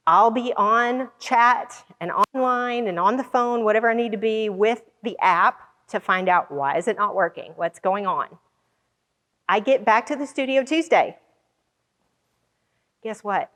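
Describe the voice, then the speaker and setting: A woman's voice: medium pitch, unhurried. Woman telling a story in a long-echo hall. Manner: animated, acts out quoted lines. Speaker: conference organizer. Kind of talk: storytelling talk.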